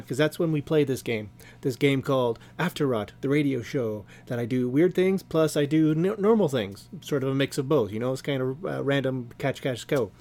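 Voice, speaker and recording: A man's voice: on the high side, lively intonation, normal speed, a little mellow. A man hosting an online radio show, playfully rambling as game master of an improvised role-play game.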